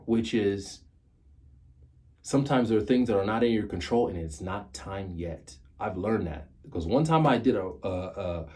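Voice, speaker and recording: Speaking with a lowish, mellow voice, a man in his 30s offers a relaxed pep talk to his viewers, earnestly hammering home his message by repeating the key phrases.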